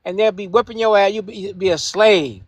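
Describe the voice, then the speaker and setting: A man on a live panel argues heatedly in a high-pitched voice at normal speed, with crowd noise behind him. Confrontational and profane, he keeps repeating himself and talks over the other participants in this heated live-stream debate.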